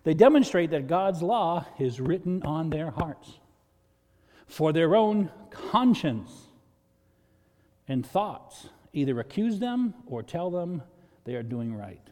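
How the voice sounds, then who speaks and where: A man preaching to his congregation in an easygoing, talky way, his voice sitting a touch above the usual male range. He lifts into loud, high bursts when he wants a point to land. The sound carries the long ring of a church hall. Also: sing-song, takes it slowly. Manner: conversational preaching, swells loud and high for emphasis. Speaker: pastor. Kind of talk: sermon. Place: church sanctuary.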